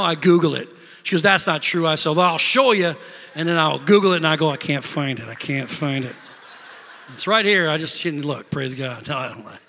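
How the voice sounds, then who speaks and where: A middle-aged male pastor preaching a sermon, storytelling and swinging between loud bursts and hushed confession. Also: a little high. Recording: long hall reverb.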